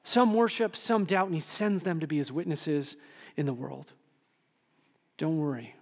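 High-voiced man preaching in a hall. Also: moderate pace. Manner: animated, asks the room "right?" and acts out quotes. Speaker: pastor. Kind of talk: sermon. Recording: long hall reverb.

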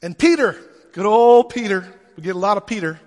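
A man's voice: sits high, lively intonation, brisk, a little mellow, big-room sound. A man preaching a sermon as pastor, conversational and casual, with everyday fillers.

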